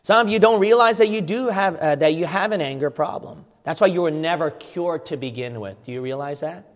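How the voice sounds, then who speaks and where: A man preaching a sermon in an emphatic, repetitive way, with sudden loud outbursts. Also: on the high side, a little fast. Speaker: pastor. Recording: long hall reverb.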